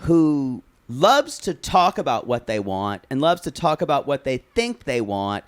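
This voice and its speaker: A podcast co-host in casual conversation, with a mid-range voice that swings widely in pitch. They gossip and tease in an animated, playful way. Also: a little slow. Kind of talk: casual chat.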